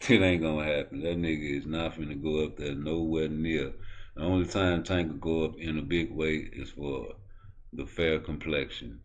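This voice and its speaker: A man's voice: extremely low pitch, steady tone, normal speed. A man ranting profanely about boxing in a casual, mocking comedic monologue. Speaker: boxing commentator.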